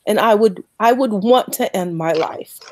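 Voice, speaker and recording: A woman speaking slowly and earnestly about her faith as a guest, emotional and close to tears, repeating words as she goes. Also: mid-range voice, a little mellow, dry recording. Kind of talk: emotional faith talk on a podcast.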